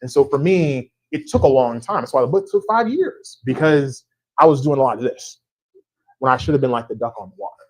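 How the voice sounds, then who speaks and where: A man, an author, telling lively anecdotes about writing his book to an audience at a church event, often checking in for agreement. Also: medium pitch, fairly quick, rough recording. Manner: animated, anecdotal, with a frequent tag question asking the audience to agree. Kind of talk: storytelling conversation before a live audience.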